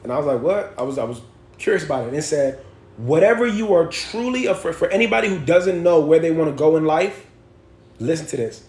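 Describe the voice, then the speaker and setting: A young man talks straight into his phone on a casual livestream, voice set a little high for a man. He tells his story with emphasis, repeating phrases and swearing freely. The sound bounces around an echoey room. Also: lively intonation, fast talker, darkish tone. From Miami. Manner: emphatic, repetitive, profane storytelling. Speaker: livestream host.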